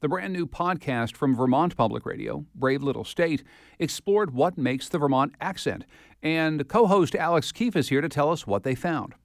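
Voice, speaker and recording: A man's voice: a little high, animated, normal speed, gravelly, dry recording, clean studio sound. A man hosting a public radio show, reading promos and introductions in a polished, scripted delivery.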